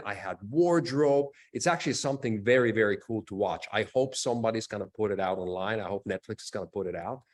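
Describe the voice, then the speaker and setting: A middle-aged man speaking in a fairly low voice as an interview guest. He tells his stories with energy and jumps into other people's lines as he quotes them. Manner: animated storyteller, acts out quotes. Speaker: actor and fight coordinator guest. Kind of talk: casual interview storytelling.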